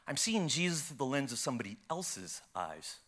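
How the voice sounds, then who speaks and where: A man preaching a sermon and telling a personal story, swinging from loud, animated retelling to hushed, tearful passages. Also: medium pitch, normal speed. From United States.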